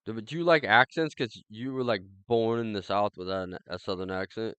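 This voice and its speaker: A man's voice: on the low side, a little fast, fairly bright tone, clear, resonant tone, no room sound. A man hosting a podcast in casual chat, crude and teasing, swearing freely as he talks. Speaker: podcast host.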